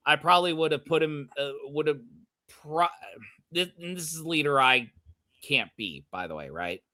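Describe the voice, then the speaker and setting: A man's voice: a little high, lively intonation, moderate pace, sharp tone. A man co-hosting a podcast, reflecting aloud on how he would have handled things. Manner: reflective, thinks aloud about what he would have done. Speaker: podcast co-host. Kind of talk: casual chat.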